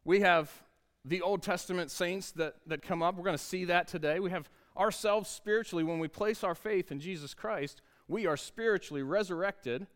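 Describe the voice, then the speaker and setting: A man's voice: high voice, moderate pace. A man, preaching a sermon in an upbeat, conversational way and asking the congregation questions. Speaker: pastor.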